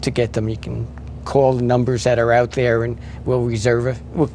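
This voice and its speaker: A man talking in a relaxed local interview, listing event details with many fillers and restarts. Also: medium pitch, moderate pace, background noise. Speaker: event organizer guest. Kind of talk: casual interview chat.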